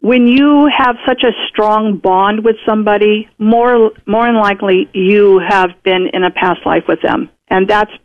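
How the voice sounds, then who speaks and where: Muffled broadcast audio carries an unhurried, mid-range voice with hardly any pauses. A radio guest is telling a personal tale conversationally and performing other people's dialogue.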